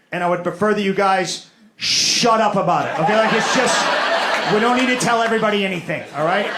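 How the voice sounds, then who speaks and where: A man with a Southern US accent doing a stand-up set, telling stories in a deadpan, drawling way on a theater stage. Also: high voice. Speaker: stand-up comedian. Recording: echoey live venue, loud room noise.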